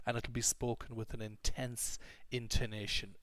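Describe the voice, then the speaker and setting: A man with an English accent teaching vocabulary in an online lesson, explaining clearly and emphatically with many repeated examples. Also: mid-range voice, level tone, normal speed, fairly bright tone, dry recording.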